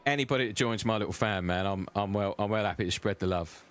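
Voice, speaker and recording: A man's voice: on the low side, quick pace, clear, resonant tone. Cheeky chatty man streaming a race. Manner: chatty, banters with chat, cheeky. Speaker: sim racing streamer. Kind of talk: live-stream gameplay commentary. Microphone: own desk mic, close and loud.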